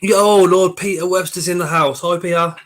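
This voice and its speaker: A chatty man, his voice sitting a little high for a man. He hosts a relaxed live stream from his home kitchen, greeting viewers by name. He is still getting over a cold. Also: normal speed. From Coventry, England. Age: 40s. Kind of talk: casual live-stream chat.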